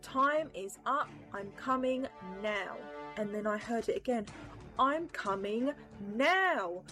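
A woman's voice: on the high side, measured pace, pushed and bright. A woman describing a vision with intense, dramatic emphasis. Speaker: testimony speaker. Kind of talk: personal testimony. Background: music.

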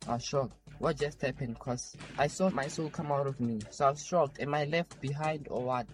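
A man's voice: medium pitch, moderate pace. Male testimony voice, earnest and repetitive, light music bed. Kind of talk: personal testimony.

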